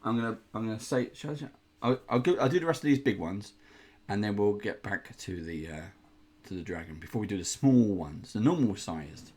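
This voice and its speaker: Man, husky, lowish voice, casual unboxing host, rambling, playful groans. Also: lively intonation, fairly quick, a little mellow.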